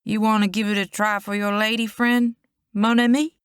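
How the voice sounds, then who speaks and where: A woman's voice: medium pitch, little pitch movement, moderate pace, clear, resonant tone, no echo, studio quality, voice pushed up, lightly acted. Woman doing a sly Cajun carnival vendor man. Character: greasy shirtless male carnival game vendor, sly.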